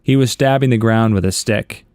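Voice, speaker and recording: A man of middle pitch reads a run of short internet stories aloud, chuckling now and then and slipping in wry little asides. He is recorded on a close mic in a dry, dead space. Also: normal speed, a little mellow, smooth, dry recording. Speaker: story narrator.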